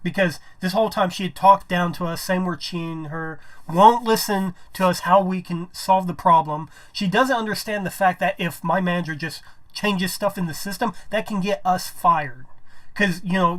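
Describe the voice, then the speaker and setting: A man's voice: sits high, fairly bright tone. A man telling a personal story to camera, rambling, restarting his sentences and swearing when aggrieved. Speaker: vlogger.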